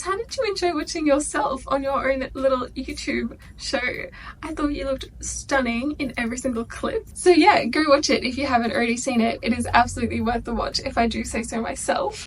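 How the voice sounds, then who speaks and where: A woman's voice: high-pitched, fairly quick, slight background noise. A young adult woman with an Australian accent, gushing in casual vlog chat and peppering her talk with "like". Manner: gushing, chatty, heavy use of "like". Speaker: vlogger.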